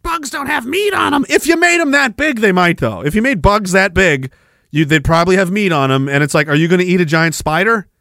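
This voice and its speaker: A man hosting a podcast, rambling through a profane, animated rant, swearing and chuckling, swinging from loud bursts to low mutters. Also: a little fast, creaky, no echo, studio quality. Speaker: podcast host.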